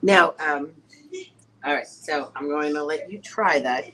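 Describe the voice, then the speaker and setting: A woman's voice: low-pitched, a little slow, a bit bright, a little hiss or hum, low-quality recording. A woman hosting a casual chat, bubbly and enthusiastic. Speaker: host.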